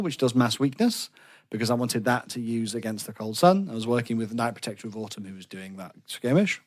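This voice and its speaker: A British man co-hosting a podcast, chatting in an easygoing way about his plans at a live-action role-play event. His voice has a middle pitch, and he tells the story with a self-deprecating lightness. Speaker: podcast co-host. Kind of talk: casual chat about a larp event.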